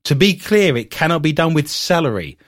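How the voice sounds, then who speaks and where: A man's voice: fairly high pitch, very animated, brisk. A man hosting a comedic podcast, reading odd news stories aloud, teasing his co-hosts and laughing often. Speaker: host.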